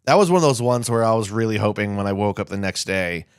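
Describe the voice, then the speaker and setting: A man's voice: on the low side, animated, quick pace, clear, resonant tone, dry recording, clean studio sound. A man co-hosting a podcast in casual chat, grumbling in a sarcastic, profane way. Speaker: podcast co-host.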